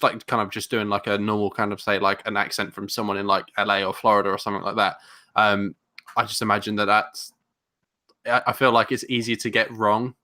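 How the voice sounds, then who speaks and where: A man with a London accent chats animatedly on a podcast, often breaking off and restarting his sentences. His voice sits low but sounds bright and forward, in a casual conversational style. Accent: London English. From England. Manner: animated, rambling with many restarts. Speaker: podcast co-host. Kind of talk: casual chat.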